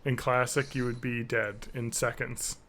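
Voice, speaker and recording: A man's voice: mid-range voice, flat delivery, unhurried, fairly bright tone. A man hosting a casual live-streamed podcast, rambling and joking while he plays a game. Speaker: podcast host.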